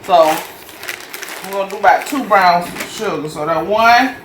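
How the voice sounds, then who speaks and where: This is a casual cooking demo in a home kitchen, where a Jacksonville, Florida, host with a Southern accent chats folksily and addresses viewers as y'all while going step by step through a recipe. The voice is mid-range at a measured pace, caught by a distant mic in a roomy space with faint background hum.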